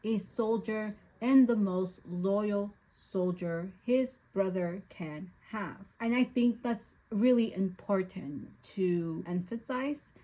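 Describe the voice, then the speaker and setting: A woman talks through a book she has been listening to, retelling events and then venting her frustration at the lead character. Her voice has a faint husky edge. She speaks at an unhurried pace, even as the rant builds. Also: mid-range voice, low-quality recording. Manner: exasperated, ranting at the plot. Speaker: book reviewer. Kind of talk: spoken book review and recap.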